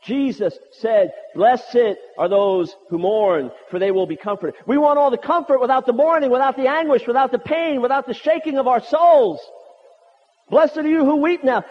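A very high-pitched man delivers an impassioned sermon, building his points through rhythmic repetition. His voice rings with long reverb through a large hall. The audio is muffled and dull. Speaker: preacher.

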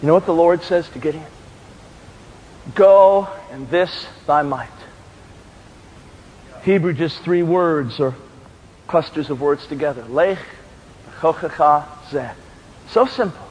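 A preacher from New York delivering an impassioned sermon that builds to shouted questions. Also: male voice, on the high side, moderate pace, a little hiss or hum. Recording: long hall reverb.

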